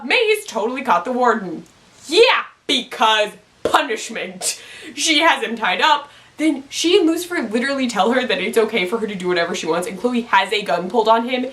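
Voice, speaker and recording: A woman talks through a TV episode recap in an excitable, rambling fan style. Her voice is bright and sits somewhat high. Her pitch swings widely throughout. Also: rough recording. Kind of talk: casual TV recap.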